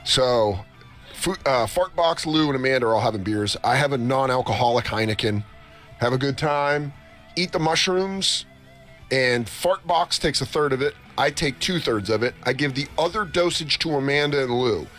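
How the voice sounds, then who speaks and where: A man's voice: medium pitch, normal speed, fairly bright tone. A man on a comedy talk show rambles through a long, profane story. He keeps stopping to act out what other people said. Faint music plays underneath. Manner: rambling, profane, acts out quotes. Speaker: comedy podcast co-host. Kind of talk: casual storytelling chat.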